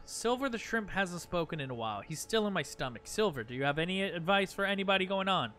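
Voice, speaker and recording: This game streamer talks through his live gameplay in a chatty way, poking fun at himself and muttering the same phrases under his breath again and again. His voice is on the high side and sharp, with lively intonation, and he speaks a little fast with hardly any pauses.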